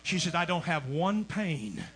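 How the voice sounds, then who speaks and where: A man preaching a Pentecostal sermon as a guest preacher, telling a testimony, swinging from hushed storytelling to shouting. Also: fairly high pitch, very animated, measured pace. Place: church sanctuary.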